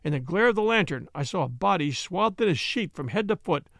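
A man narrates a story in a high, gravelly voice, his pitch rising and falling a lot. The recording is dry and close. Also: animated, a little fast, a bit bright, dry recording. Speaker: audiobook narrator. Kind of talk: scripted narration.

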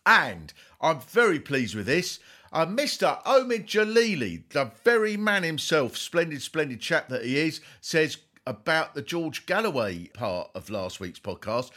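Lively, bright-voiced male comedian host. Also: unhurried. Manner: dry mock-serious delivery, drops voice low for jokes. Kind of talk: comic podcast monologue.

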